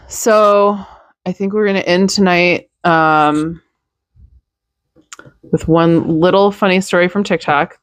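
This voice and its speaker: A woman's voice: low voice, no echo, clean studio sound. A young woman hosting a news podcast, ranting bluntly in a casual, profane monologue, sounding tired.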